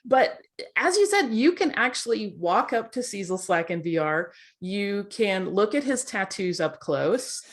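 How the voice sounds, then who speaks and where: A woman moderating a virtual panel, fast and gushing like an excited fan, over a video call. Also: medium pitch. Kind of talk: casual interview.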